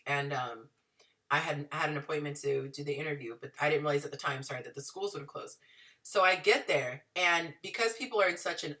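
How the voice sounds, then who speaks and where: Woman vlogger talking to the camera, kinda lowish voice but really bright, a bit far from the mic. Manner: chatty, animated, addresses viewers directly. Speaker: dating and relationship advice vlogger. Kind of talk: casual storytelling to viewers.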